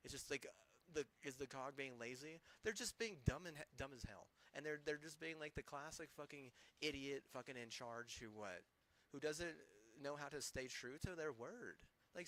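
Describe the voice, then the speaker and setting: A man's voice: fairly high pitch, sharp tone, rough recording. A young man streaming games, ranting angrily with constant swearing. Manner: angry, profane, ranting. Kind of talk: casual gaming stream rant.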